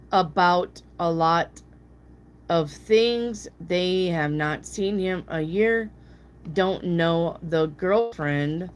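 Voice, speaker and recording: Blunt, profane woman reading tarot. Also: slight background noise. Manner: blunt and profane, mimics people in a high voice. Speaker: tarot reader answering viewer questions. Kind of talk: casual live tarot reading.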